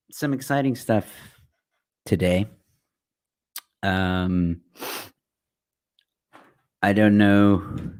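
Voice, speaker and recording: With a low, slightly mellow voice, a young man hosts a laid-back livestream chat. He jokes around and rambles as he pushes his channel, and his microphone is a good one.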